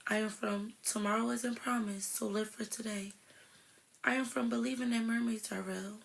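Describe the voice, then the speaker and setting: Soft breathy teen girl with a Philadelphia accent. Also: fairly high pitch, steady tone, normal speed, low-quality recording. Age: teens. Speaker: high school senior reading her own poem. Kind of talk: soft, close poetry reading.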